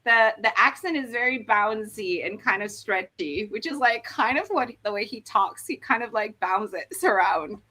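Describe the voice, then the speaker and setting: A woman's voice: mid-range voice, expressive, moderate pace, hardly any pauses, pushed and bright. A woman hosting a live stream, explaining language points in a chatty way with many fillers and restarts. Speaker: host explaining Korean dialects. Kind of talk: casual live-stream chat.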